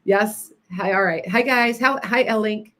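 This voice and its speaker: A woman's voice: mid-range voice, measured pace, bright, forceful tone. A woman hosting a casual livestream as a psychic healer, rambling and chatty as she greets viewers by name between stories.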